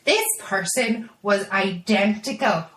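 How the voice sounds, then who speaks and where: A woman co-hosting a podcast in casual chat, telling stories and teasing in an animated way. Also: medium pitch, slow pace, reverberant, a little hiss or hum, rough recording. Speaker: podcast co-host.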